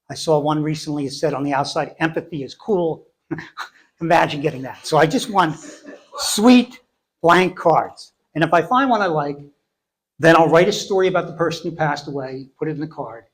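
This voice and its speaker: A middle-aged man telling funny stories on stage, self-deprecating and deadpan, often laughing at his own lines. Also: a little high. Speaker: storyteller. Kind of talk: live comic storytelling. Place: stage before a live audience.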